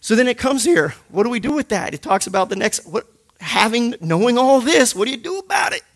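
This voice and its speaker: A man leading a Bible study, his voice high and gravelly with a bright edge. He teaches in an animated, jokey way, firing off sudden punchy sound effects to land his points. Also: a little fast. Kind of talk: lively teaching talk to a group.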